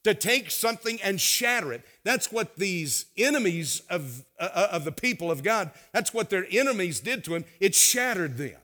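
A middle-aged man preaching a sermon, swinging from hushed, quiet passages to loud, emphatic ones. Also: high voice, lively intonation, normal speed, few pauses. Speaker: pastor.

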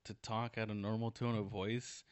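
A man's voice: fairly low pitch, level tone, moderate pace, no room sound. A man in casual chat, laid-back and agreeable, laughing along and sharing comedy stories. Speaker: stand-up comedian, podcast co-host.

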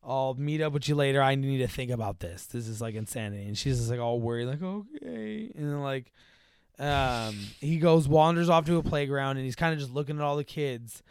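A man's voice: mid-range voice, a little fast, a little mellow, clear, resonant tone, no room sound, clean studio sound. A man in casual chat, retelling a movie in a rambling way, full of fillers and acted-out lines in a raised voice. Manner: rambling, filler-heavy, acts out characters in a raised voice.

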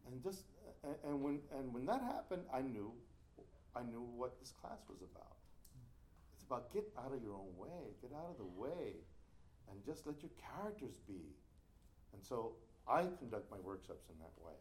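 A man tells a story in a lively, sweeping voice that leaps up and down as he recalls his past. He talks like a storyteller, restarting phrases and bouncing from point to point. A faint hiss of room noise sits behind him. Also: medium pitch, normal speed. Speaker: playwright and writing workshop teacher. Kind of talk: animated anecdotal storytelling.

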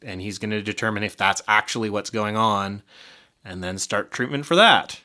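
A man co-hosting a casual podcast, audibly short of breath as he talks. His voice sits a little low, but its tone is bright and tense. He speaks candidly, drops swear words, and laughs off heavy news. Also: moderate pace. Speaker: podcast co-host.

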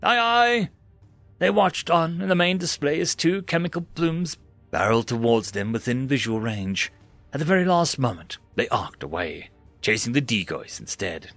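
A man's voice: mid-range voice, moderate pace, no room sound, faint music behind. A man narrating a science fiction story dramatically, rising and dropping his voice for effect. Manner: expressive, rises and drops for drama.

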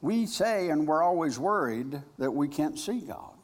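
A male pastor preaching, with a voice that sits a little higher than most men's. He tells his story dramatically, swinging from loud, urgent lines to quiet, hushed ones. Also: lively intonation, unhurried. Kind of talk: sermon with a retold personal story.

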